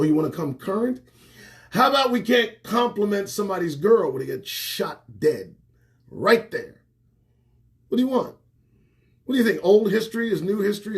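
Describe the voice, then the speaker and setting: A man hosting his own livestream show, ranting to camera with lots of swearing, jumping between loud outbursts and muttered asides, recorded indoors on a small home set. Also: high-pitched. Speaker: host. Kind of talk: profane political rant to camera. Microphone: phone or webcam livestream.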